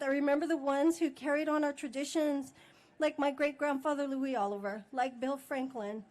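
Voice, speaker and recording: A woman's voice: high voice, fairly even intonation, moderate pace, darkish tone. A tribal chairwoman giving an emotional ceremony speech outdoors at a podium microphone, partly reading and partly speaking off script with candid, laughing asides. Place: outdoor monument ceremony in a park.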